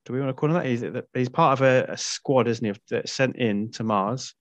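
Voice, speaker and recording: A man appearing as a guest on a film podcast, talking in a measured, conversational way. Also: medium pitch, dry recording, dull audio. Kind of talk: casual film discussion.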